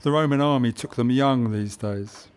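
A man reading a historical adventure novel aloud in measured audiobook narration. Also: mid-range voice, clean tone.

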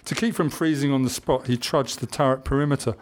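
A man's voice: mid-range voice, fast. Man narrating a historical novel. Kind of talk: audiobook narration.

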